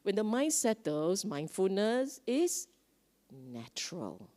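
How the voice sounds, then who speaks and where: A woman's voice: mid-range voice, takes it slowly. A woman giving a conversational dharma talk at a Buddhist retreat, often asking her listeners questions. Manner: lively, conversational, asks the audience questions.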